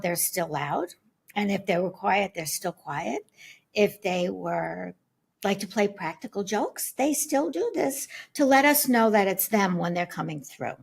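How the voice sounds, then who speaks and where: A woman guest speaker telling personal stories on an online panel, animated, acting out voices as she goes. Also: medium pitch, creaky, breathy edge. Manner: animated storyteller, acts out voices. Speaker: guest speaker on spirit signs. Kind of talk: storytelling in a panel talk. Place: online summit panel, video call.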